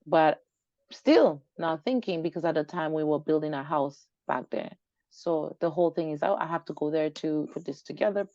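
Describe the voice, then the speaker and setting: Animated woman telling her story. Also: low voice, normal speed, dry recording. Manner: animated, acts out quoted dialogue. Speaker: guest. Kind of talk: personal storytelling interview. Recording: dull lo-fi dry recording.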